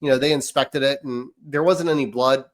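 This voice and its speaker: A man co-hosting a parenting podcast who tells stories in a lively, animated way and often trails off into fillers. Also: medium pitch, normal speed. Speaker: podcast co-host. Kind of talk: casual chat.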